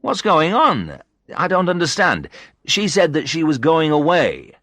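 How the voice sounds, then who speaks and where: A surprised male orchestra director answers in puzzled, questioning tones, voiced by a man. He sits higher than the narrator's usual voice and rises and falls widely. The sound is close and dry. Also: huge pitch swings, unhurried, fairly bright tone, no echo, exaggerated voice.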